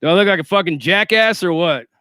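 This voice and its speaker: A man's voice: high-pitched, fast, sharp tone, smooth, no room sound, clean studio sound. A man hosting a casual livestream, profane, sarcastic and boastful, still winded after a workout. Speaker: livestream host.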